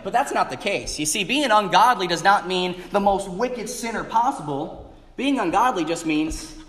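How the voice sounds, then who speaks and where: A high-voiced man preaching a sermon, pressing his points and repeating them for emphasis. His voice rings through a church sanctuary with a long, echoing reverb. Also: animated, moderate pace, a bit bright. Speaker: pastor. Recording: echoey church hall.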